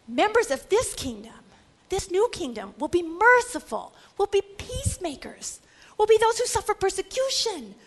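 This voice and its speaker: A woman Bible teacher giving an animated lecture, swinging between loud exclaiming and hushed whispers. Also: very high voice, normal speed.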